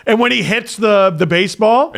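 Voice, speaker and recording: A man in his thirties hosting a podcast, chatting casually and acting out stories about his young son with loud bursts. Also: sits high, normal speed, gravelly. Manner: animated storytelling, acts out his son loudly. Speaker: podcast host. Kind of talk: casual chat.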